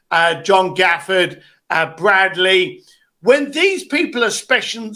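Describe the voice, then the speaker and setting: A man coaching on a video call, giving blunt, animated advice and acting out quotes. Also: high voice. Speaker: business coach.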